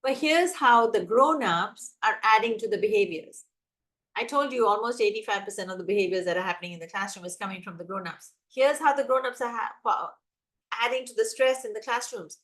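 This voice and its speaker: A woman's voice: on the high side, a little fast. A woman giving an emphatic teacher training talk on classroom management, acting out examples as she goes. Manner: energetic, emphatic, acts out examples. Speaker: early childhood educator.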